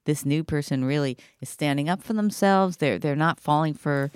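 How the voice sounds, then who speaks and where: A woman with a low, smooth, resonant voice joins a casual podcast chat. She backs up the host with short affirmations and measured insights, and her dry, close sound sits right at the mic. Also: darkish tone, no room sound.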